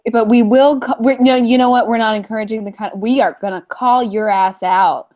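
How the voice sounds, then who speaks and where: A woman's voice: on the high side, steady tone, brisk, a little mellow. Sarcastic woman livestream co-host. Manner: sarcastic, mock-disapproving, swears. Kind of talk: casual livestream chat.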